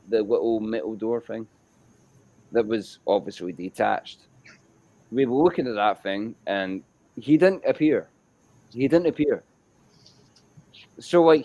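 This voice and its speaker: A man with a Scottish accent telling a story in a casual chat, animated and repetitive and swearing freely. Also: mid-range voice, no room sound, low-quality recording.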